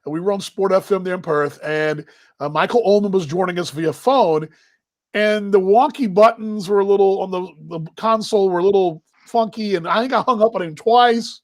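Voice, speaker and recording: An American man hosting a live baseball talk show, chatty and energetic, rambling with fillers. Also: high-pitched, normal speed. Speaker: podcast host. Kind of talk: casual live sports talk.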